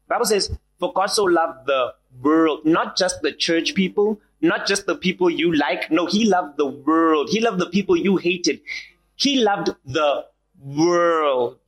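A young man preaching a sermon, animated, repeating key lines. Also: on the high side, poor audio. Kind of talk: sermon to a small gathering.

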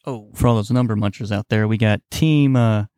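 A man's voice: on the low side, a little fast, dark tone, smooth, no echo, clean studio sound. A man co-hosting a podcast, narrating a dice-roll battle in a jokey, laughing way. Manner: laughs often, jokey play-by-play. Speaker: podcast co-host.

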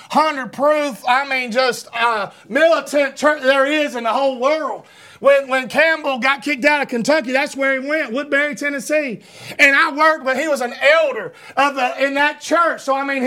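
A man preaching a fervent sermon, often shouting and stumbling over repeated words. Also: very high voice.

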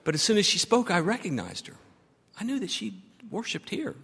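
A man's voice: high-pitched, sing-song, fairly quick, vocal fry, a bit bright, slightly rough. A man preaching a sermon as pastor, telling a story and building to emphatic, repeated phrases. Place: church sanctuary. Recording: long church reverb.

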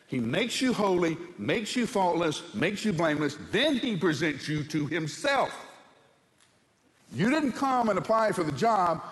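Man preaching in a big echoey church, bit higher voice, lively storytelling, keeps asking the crowd questions. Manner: animated storytelling, rhetorical questions to the congregation. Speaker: pastor. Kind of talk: sermon with humorous anecdotes.

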